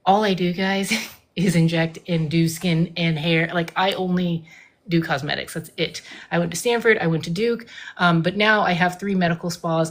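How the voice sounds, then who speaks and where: A woman cosmetic nurse practitioner in casual live-stream chat, emphatic and informal, saying "like" a lot. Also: on the low side. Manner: chatty, emphatic, says "like" and "dude" often. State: getting out of breath.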